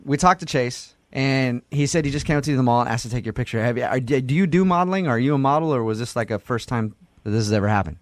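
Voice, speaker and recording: A man hosting a morning radio segment, brisk and teasing. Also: medium pitch, no echo. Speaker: radio host.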